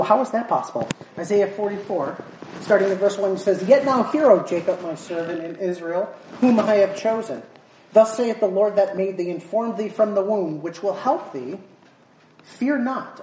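Woman preacher, emphatic sermon, repeats herself, roomy echo, distant mic, faint background noise. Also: mid-range voice. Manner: emphatic, repeats words, rising to near shouts. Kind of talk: sermon with scripture reading.

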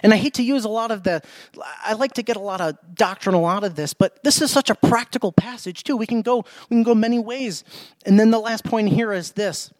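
High-voiced pastor preaching with emphasis. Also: male voice, brisk, no room sound. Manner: emphatic, repeats himself, asks the congregation questions. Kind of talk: sermon. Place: church.

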